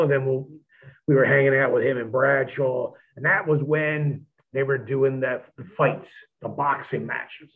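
A man's voice: medium pitch, measured pace. Profane storyteller man on a tinny line. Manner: profane, animated, acts out quotes of others. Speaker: podcast guest, former wrestler. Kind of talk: casual storytelling.

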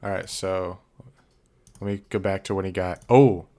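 A man co-hosting a casual chat, animated and quick to react, describing a play he watches. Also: sits low. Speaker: podcast co-host.

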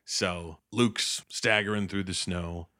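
A young man casually recaps a film on his podcast, swearing and doing the characters' lines in funny voices. He speaks slowly in a low, steady voice that's bright and forceful.

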